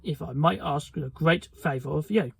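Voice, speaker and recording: A man's voice: a little high, moderate pace, creaky, breathy edge, no room sound. A man voicing a polite little piglet. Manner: very polite, earnest. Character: polite young piglet, earnest and gentle. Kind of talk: children's storybook reading.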